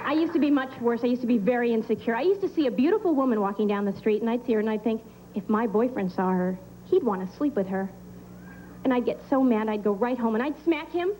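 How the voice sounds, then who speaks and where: A woman performing a stand-up comedy set, delivering deadpan one-liners with pauses for laughs on a club stage. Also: fairly high pitch, a little hiss or hum, poor audio. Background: audience laughter.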